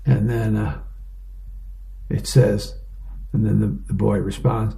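A man's voice: fairly low pitch, little pitch movement, slow, creaky, long pauses, dark tone. A man casually reading an advice column and newspaper comics aloud, describing each panel with small fillers.

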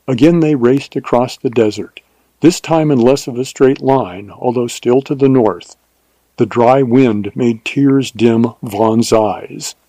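Male audiobook narrator, measured storyteller, mellow voice, dry close recording. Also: mid-range voice, dry recording, poor audio.

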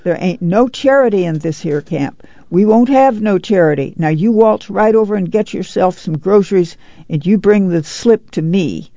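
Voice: mid-range voice, expressive, moderate pace, warm tone, no echo, muffled recording, voice pushed up, natural voice. A reader voicing a proud, stern woman who leads a migrant camp, speaking in a blunt, commanding way.

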